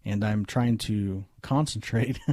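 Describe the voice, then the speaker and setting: A man's voice: lowish voice, slow pace, darkish tone, dry recording, clean studio sound. A man voicing a polite, earnest pastor.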